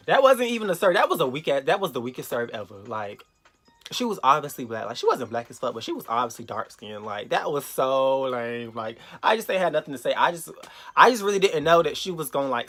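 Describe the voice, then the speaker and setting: A young man telling a storytime vlog, animated and profane, acting out the quotes loudly. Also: medium pitch. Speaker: vlogger.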